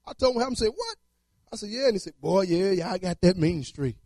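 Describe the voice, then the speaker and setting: A man's voice: sits high, expressive, a little fast, a little mellow, dry recording. A man telling his testimony in church, storytelling with fervor and colloquial speech. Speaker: testimony speaker.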